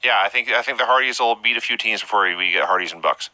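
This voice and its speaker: A man's voice: on the low side, pushed and bright, no room sound, low-quality recording. Wisecracking male podcast co-host. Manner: joking, quick with wisecracks. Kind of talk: casual chat.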